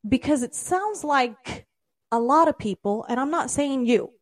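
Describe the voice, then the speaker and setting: A woman with a fairly high voice argues her side in a casual podcast debate. She talks at length, explaining things step by step and stumbling over words now and then. The sound is dry and close, with no room around it. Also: lively intonation, unhurried, no room sound. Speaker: podcast co-host.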